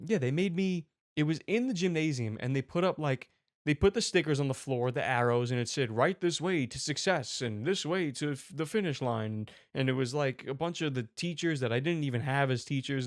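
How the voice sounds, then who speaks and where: A man's voice: medium pitch, no echo, clean studio sound. A man in his twenties hosting a commentary show, ranting angrily and sarcastically with lots of swearing. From United States. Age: 20s. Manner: angry, profane, sarcastic.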